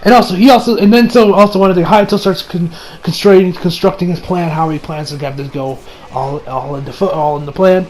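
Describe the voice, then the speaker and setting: A man's voice: sits high, a little fast, a little hiss or hum, low-quality recording. A man hosting a casual anime episode recap, rambling with frequent restarts. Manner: animated, rambling, with frequent restarts and acted quotes. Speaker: anime reviewer.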